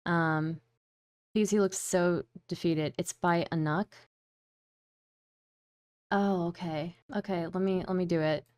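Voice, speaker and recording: A woman's voice: lowish voice, takes it slowly, long pauses, clear, resonant tone, no echo. Streamer woman, casual reaction commentary, teasing and giggly, clean voice. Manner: excitable, mocking, laughs often, swears casually.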